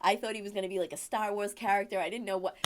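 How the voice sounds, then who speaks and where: A woman's voice: mid-range voice, steady tone, racing, a little hiss or hum. A woman from Rhode Island, a guest in a casual interview, animatedly telling a dramatic personal story. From Rhode Island, USA.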